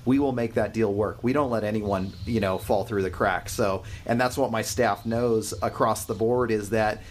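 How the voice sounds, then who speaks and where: A man's voice: fairly low pitch, steady tone, normal speed, slight background noise. A man who runs a mortgage lending company, speaking steadily and reassuringly on a conference call. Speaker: company head, mortgage lender. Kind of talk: conference call, business pitch.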